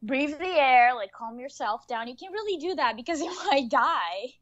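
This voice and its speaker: A woman co-hosting a casual movie podcast, easy-going and quick to laugh along. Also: sits high, lively intonation, fairly bright tone, lo-fi sound. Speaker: podcast co-host. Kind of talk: casual movie-review chat.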